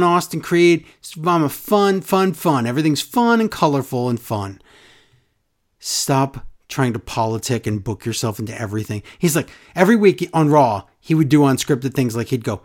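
A man hosting a podcast in casual, opinionated chat, animated and mocking, acting out quoted wrestlers in exaggerated voices. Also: a little high.

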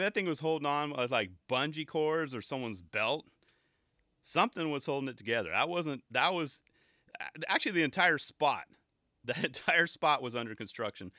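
A man hosting a show, chatting casually and excitedly as he reviews skate video clips, often restarting his sentences and laughing. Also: a little high, no echo, clean studio sound.

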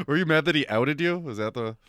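A man's voice: fairly high pitch, expressive, normal speed, a bit bright, no echo, studio quality. A man chatting casually on a podcast, teasing his co-host with wry jokes. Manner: wry joking interjections. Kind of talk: casual chat.

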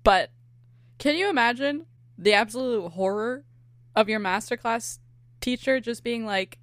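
Californian woman host, animated, laughs a lot, dry close sound, casual chat. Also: a little high, measured pace, no echo. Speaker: podcast host.

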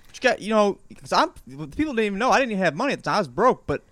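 A man's voice: high-pitched, big pitch swings, racing, fairly bright tone, no room sound. A man voicing a boastful, confused old male president who rambles and trails off mid-sentence. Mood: rambling. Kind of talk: comedic improv impression.

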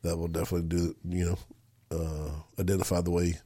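Very deep-voiced man, rambling chat. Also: level tone, brisk, warm tone. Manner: rambling, with many fillers and restarts. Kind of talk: casual chat.

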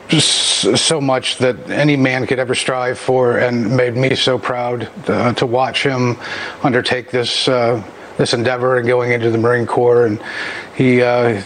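A father answering an interviewer in a halting, hesitant way, with many pauses and fillers. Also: medium pitch, level tone, a little hiss or hum, low-quality recording. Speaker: interview guest, bereaved father.

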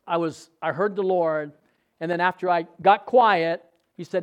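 High-voiced male preacher telling stories. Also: normal speed, smooth. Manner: conversational storytelling, quizzing the congregation. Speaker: pastor. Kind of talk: sermon.

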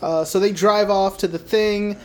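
Laughing and cursing freely, this podcast co-host recaps a film and performs its dialogue in put-on character voices. His voice sits high and sounds a little mellow, with fairly even intonation and an unhurried pace.

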